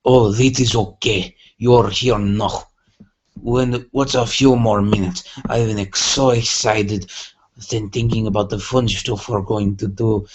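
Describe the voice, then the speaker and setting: A man's voice: on the low side, fairly even intonation, unhurried, breathy edge. A man voicing a hyper, bubbly young female pony, with an accent slipping into Irish. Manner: bouncy, gushing.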